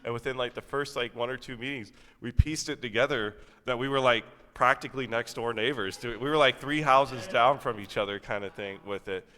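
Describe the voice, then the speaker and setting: A man's voice: mid-range voice, steady tone, brisk, hardly any pauses, bright, forceful tone. A man in his thirties giving a sermon in a church, talking conversationally with plenty of fillers and asides. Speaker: preacher. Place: church sanctuary. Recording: long hall reverb.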